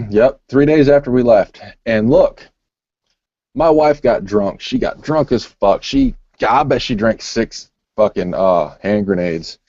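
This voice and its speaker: A man's voice: mid-range voice, lively intonation, slow pace, a little mellow, no echo. A man rambling through a long, crude story in casual chat, swearing constantly. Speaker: podcast co-host. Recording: muffled lo-fi recording.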